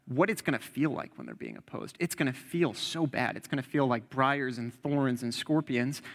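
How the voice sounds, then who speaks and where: A man's voice: mid-range voice, a bit bright, big-room sound. A young man preaching an earnest, conversational sermon and quoting scripture.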